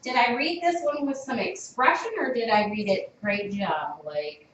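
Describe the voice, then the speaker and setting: A woman teaching a classroom phonics lesson, drawing out sounds and giving clear prompts to the class. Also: a little high, moderate pace, fairly bright tone. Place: school classroom. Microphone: distant camera mic. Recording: echoey classroom, distant, dull, noisy. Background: classroom noise.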